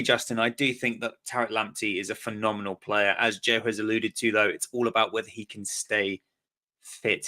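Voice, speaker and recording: A man's voice: fairly low pitch, bright, forceful tone. A man from England hosting a casual football podcast, reading out listener comments with enthusiasm. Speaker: podcast host.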